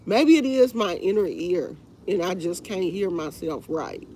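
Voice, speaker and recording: A woman's voice: fairly low pitch, big pitch swings, measured pace, mellow, a little hiss or hum. A woman hosting a casual livestream, congested with a stuffy nose, rambling in a tired, fed-up way. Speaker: livestream host. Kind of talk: casual live chat with viewers.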